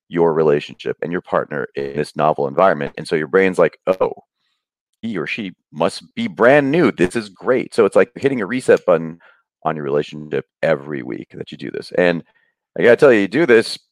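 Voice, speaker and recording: A middle-aged man with a deep, low-pitched voice guests on a podcast, explaining ideas through anecdotes. He animates his stories by acting out the voices of the people in them. The sound is dry and close, with no room echo. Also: a little fast. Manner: animated storyteller, acts out quoted voices. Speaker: guest speaker on happiness.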